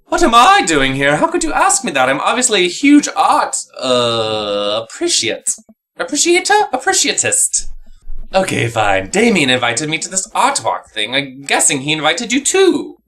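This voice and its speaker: A man playing a chipper middle-aged minister who teases and boasts lightly. The voice is bright and springy, with lively jumps in pitch. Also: normal speed, heavily acted. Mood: defensive. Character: cheerful, slightly smug middle-aged male minister.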